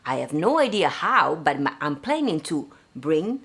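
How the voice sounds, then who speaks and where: A woman's voice: deep voice, sing-song, measured pace, a bit bright, slightly rough. A woman from Italy with an Italian accent, hosting a casual live stream from her home, chatting with many fillers and slipping into Italian and French. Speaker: host.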